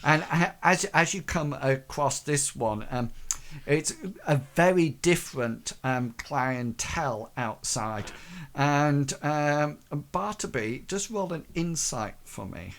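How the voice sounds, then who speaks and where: A man's voice: fairly high pitch, lively intonation, takes it slowly, fairly bright tone. A man narrating a tabletop game as game master, hesitant and full of fillers.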